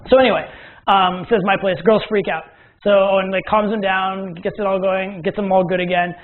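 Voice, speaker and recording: A man's voice: high voice, level tone, normal speed. A man teaching a recorded course lecture as a dating coach, chatty and often checking in with "right?" and "okay?". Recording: tinny phone-like lo-fi sound.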